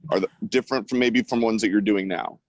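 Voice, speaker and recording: A man's voice: lowish voice, dry recording, dull audio. A man hosting an online chat, reading out viewer questions. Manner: brisk, reads questions aloud. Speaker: host.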